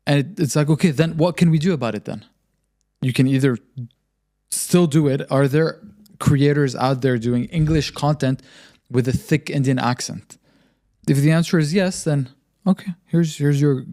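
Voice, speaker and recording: A man's voice: mid-range voice, a little mellow. A man hosting a podcast, talking in a blunt, motivational way and firing questions at the listener. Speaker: podcast host. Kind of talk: casual podcast conversation.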